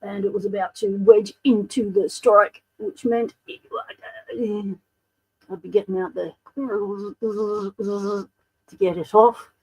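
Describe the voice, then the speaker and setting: A woman's voice: medium pitch, steady tone, slow, darkish tone, slightly rough, low-quality recording. A woman with an Australian accent hosting a casual livestream, chatting and greeting viewers by name. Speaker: livestream host.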